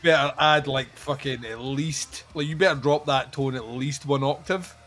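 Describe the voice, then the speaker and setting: A man's voice: medium pitch, normal speed, fairly bright tone. A man co-hosting a casual podcast, rambling through jokey, teasing asides. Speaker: podcast co-host.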